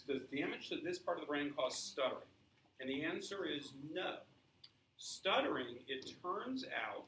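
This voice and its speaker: Male science teacher, slightly high voice, echoey classroom heard from a distance. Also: fairly bright tone, a little hiss or hum. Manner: asks the class questions, explains with examples. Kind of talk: classroom lecture.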